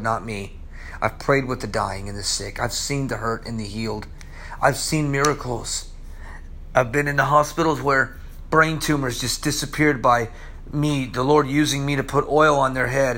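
A man preaching a sermon, reading scripture and commenting on it, swinging between loud exclamations and low, hushed asides. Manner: reads scripture aloud and comments on it.

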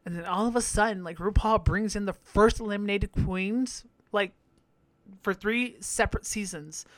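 A man's voice: high voice, moderate pace, fairly bright tone, no echo. A man hosting a podcast, giving a campy, profane recap full of laughter. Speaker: podcast host. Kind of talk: casual recap commentary.

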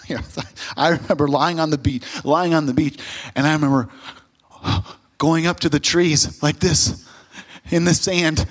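A male pastor preaching a sermon, telling a story and then rising to emphatic exhortation. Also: on the high side.

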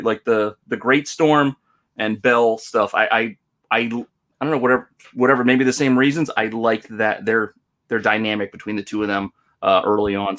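A man's voice: fairly low pitch, a bit bright. A man co-hosting a podcast, chatting casually about a book he liked, hesitating and restarting as he thinks. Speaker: podcast co-host. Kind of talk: casual book review chat.

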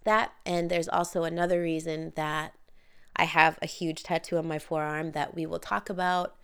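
A woman's voice: deep voice, little pitch movement, moderate pace, fairly bright tone, clear, resonant tone. A woman hosting her own podcast as a wellness coach, talking candidly and with emphasis in a motivational monologue, swearing casually. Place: home near the Caribbean.

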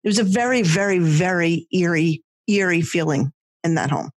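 A woman tells a personal story in a casual chat. Her voice is husky and breathy, and she talks in an animated way, full of fillers and restarts. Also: fairly low pitch, normal speed.

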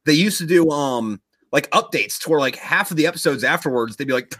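A man's voice: a little high, lively intonation, brisk, a bit bright. A young man in casual podcast chat, telling a long story in a rambling way, swearing constantly and loosely acting out quotes.

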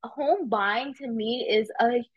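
A woman realtor chatting in a casual interview, telling animated stories and swearing casually. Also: fairly high pitch, takes it slowly, breathy edge, highs cut off. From United States. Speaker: realtor guest.

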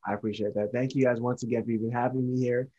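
A man's voice: medium pitch, steady tone, dark tone, muffled recording. A man sharing his faith testimony as a podcast guest, earnest and repetitive. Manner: earnest, repetitive, fast-talking.

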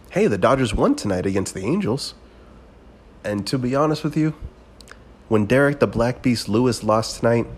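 A man hosting a podcast, telling a rambling, profane story in a casual solo monologue with sudden bursts of excitement. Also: fairly low pitch. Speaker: podcast host.

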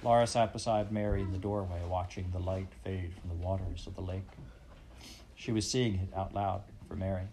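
A man narrating a storybook at a measured, even pace. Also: deep voice, noisy background. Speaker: audiobook narrator.

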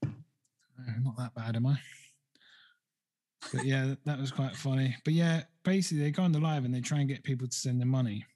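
A man's voice: mid-range voice, a little fast, pauses often, dark tone. A man, hosting a casual chat, gossiping and swearing. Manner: gossipy, sweary, acts out quoted people. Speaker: podcast host.

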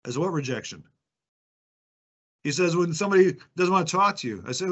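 Man, confident salesman, emphatic storyteller, slightly high voice, dull lo-fi sound. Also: lively intonation, fairly quick, pauses often, a bit bright, slightly rough. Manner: confident, emphatic, acts out dialogue. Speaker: salesperson guest. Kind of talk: conversational storytelling.

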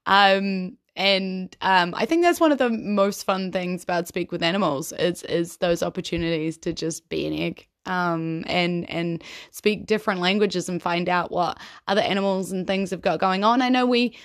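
A woman's voice: on the low side, normal speed, hardly any pauses, no echo, clean studio sound. A New Zealand woman hosting a podcast, telling a story in a chatty way with frequent laughs and ums. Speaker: podcast host and game master. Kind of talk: casual storytelling monologue.

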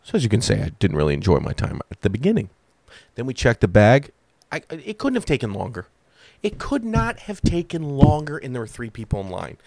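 Animated, profane male comic storyteller. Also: medium pitch, brisk, creaky. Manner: profane, animated, acts out other people's lines. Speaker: comedian. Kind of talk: stand-up storytelling.

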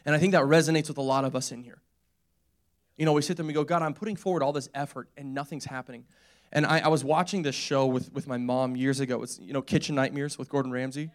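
A man's voice: medium pitch, fairly even intonation, quick pace. A young man preaching a casual, conversational sermon in a church, repeating phrases and laughing often.

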